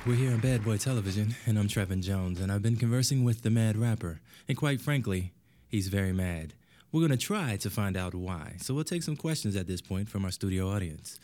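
A man's voice: on the low side, lively intonation, brisk, warm tone, close to an everyday voice. An actor playing a polite TV talk show host who addresses his studio audience in a formal way. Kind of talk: mock TV show hosting.

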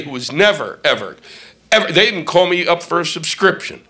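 A man doing a stand-up comedy routine on stage, ranting and profane, shouting his punchlines. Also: fairly high pitch, sing-song, brisk. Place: comedy stage before a live audience. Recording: live club audio with ambient noise.

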